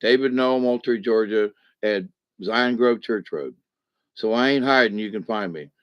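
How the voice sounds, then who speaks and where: A man's voice: on the low side, moderate pace, no room sound. A man giving a rambling, folksy spiritual lesson, acting out little voices as he goes. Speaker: spiritual teacher. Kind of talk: casual spoken lesson. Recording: dull muffled sound.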